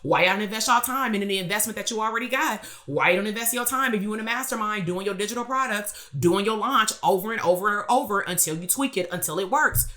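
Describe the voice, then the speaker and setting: On a live stream, a female business coach delivers a motivational talk in a bright, forceful voice at a medium pitch. She moves quickly with hardly a pause, telling a blunt, streetwise story and hammering her points with rhetorical questions.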